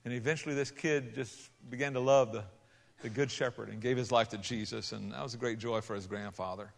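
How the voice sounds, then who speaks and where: Preacher in a reverberant hall. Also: male voice, medium pitch, fairly even intonation, a little fast, creaky. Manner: conversational, many restarts, rising to loud emphatic passages. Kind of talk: sermon storytelling. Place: large hall with a congregation.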